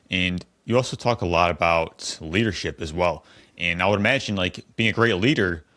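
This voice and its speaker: Male host, very low voice, casual, agreeable, conversational. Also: a bit bright. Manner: casual, agreeable, uses "like" and "right?". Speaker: podcast host. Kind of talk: interview conversation.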